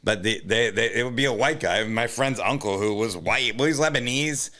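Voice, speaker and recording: A man co-hosting a comedy podcast in loose, profane, joking chat, laughing often and slipping into quick impressions. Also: medium pitch, bright, forceful tone. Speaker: podcast co-host.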